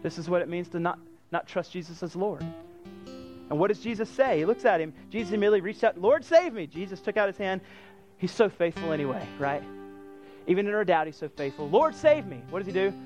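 A man preaching a sermon in an animated way, acting out the quoted lines of the story. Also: high-pitched, fast, soft background music. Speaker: pastor.

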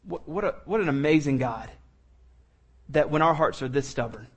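A man preaching a sermon, animated, acting out the lines of the people in the story and laughing often. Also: fairly high pitch, normal speed, breathy edge. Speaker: pastor.

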